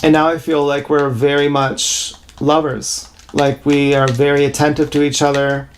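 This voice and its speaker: A man talking in a rambling, confessional livestream monologue, full of halting restarts, on an action camera with faint noise behind. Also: fairly high pitch, level tone.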